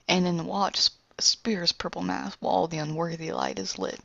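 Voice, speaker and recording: Casual rambling woman with slight vocal fry. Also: on the low side, steady tone, normal speed, hardly any pauses, pushed and bright, no room sound, muffled recording. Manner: casual, rambling, with fillers and self-corrections. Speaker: storyteller pitching her own animation. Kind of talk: casual reading and retelling of a story.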